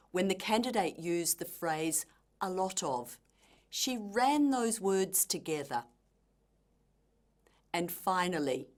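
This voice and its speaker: A woman teacher giving slow, deliberate, scripted explanations of pronunciation points. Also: fairly low pitch. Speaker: language teacher. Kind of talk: scripted instructional narration.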